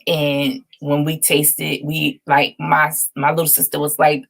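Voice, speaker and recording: Woman, vlog host, casual storytelling, low voice, vocal fry. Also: slow. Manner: chatty and animated, laughing often, dishing playful shade.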